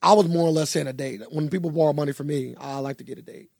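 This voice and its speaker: A young man co-hosting a podcast, telling a story in a casual, animated way and swearing freely. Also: on the high side, fast talker, vocal fry, no room sound, clean studio sound. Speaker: podcast co-host. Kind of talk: casual chat.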